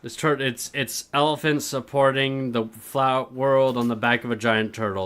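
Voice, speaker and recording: A man's voice: mid-range voice, steady tone, normal speed, few pauses, a bit bright, smooth. Laid-back man co-hosting a podcast. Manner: laid-back, agreeable, sarcastic asides. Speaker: podcast co-host. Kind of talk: casual chat.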